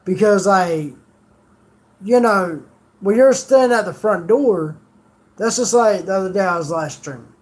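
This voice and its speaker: A man's voice: sits high, expressive, unhurried, pauses often. A man streamer telling rambling stories in casual chat, swearing freely.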